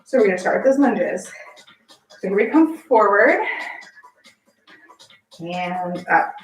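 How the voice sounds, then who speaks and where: A winded woman teaching a barre class at an unhurried pace, counting reps and calling out short encouraging cues. She is picked up from some distance in an echoey room, with faint music playing behind her. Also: mid-range voice, animated. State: out of breath from exercising. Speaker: barre fitness instructor. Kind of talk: guided workout class cueing.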